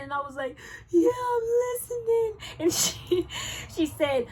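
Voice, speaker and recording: A young woman, telling a casual storytime vlog. She swings between hushed and loud. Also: high voice, measured pace. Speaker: vlogger.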